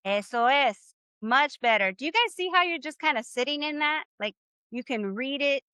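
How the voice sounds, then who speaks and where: Bright-voiced upbeat woman teaching Spanish. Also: high voice, lively intonation, moderate pace, dry recording. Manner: upbeat, encouraging, leads call-and-response drills. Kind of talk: live online class.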